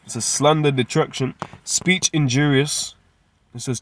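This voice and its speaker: A man's voice: on the high side, fairly even intonation, a little slow, a bit bright. A man teaching scripture informally, asking rhetorical questions and dropping street slang. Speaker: Bible teacher.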